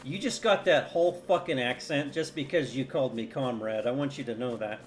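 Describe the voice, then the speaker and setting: A man's voice: medium pitch, brisk, a little hiss or hum. A man streaming a survival game, chatting casually with viewers in a wry, profane, often muttered way. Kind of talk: casual gameplay commentary.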